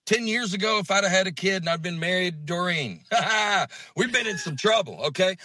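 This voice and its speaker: Bright Southern-accented man, lively storyteller. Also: sits high, moderate pace, dry recording. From Alabama. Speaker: comedian guest. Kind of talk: casual interview chat.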